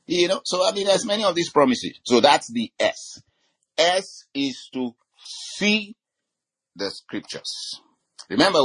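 A man preaching a sermon, quoting scripture and filling his talk with "you know", slowing down to stress key words. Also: lowish voice, a bit bright, slightly rough. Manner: teaching with many "you know" fillers and scripture quotes.

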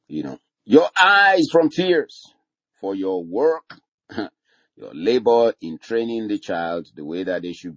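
A man's voice: low-pitched, darkish tone, no echo. An older man preaching informally to a discussion room, chatting with listeners, quoting scripture with rising emphasis and chuckling often. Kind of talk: informal sermon talk.

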